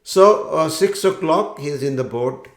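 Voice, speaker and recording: A man giving a talk on forgiveness, telling a parable in a slow, deliberate storytelling manner. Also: fairly high pitch, animated. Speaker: speaker on forgiveness. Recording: roomy echo.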